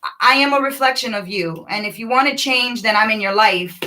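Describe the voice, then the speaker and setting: Bright, preachy woman vlogger. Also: on the high side, a little fast, far from the mic, low-quality recording. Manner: animated, rambling, preachy, calls the viewers "y'all". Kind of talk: casual spiritual monologue to viewers.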